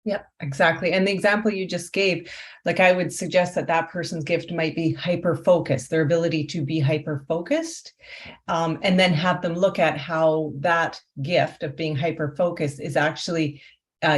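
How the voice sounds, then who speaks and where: A woman life coach talking through her work in an interview, reflective, often posing rhetorical questions. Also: deep voice. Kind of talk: conversational interview.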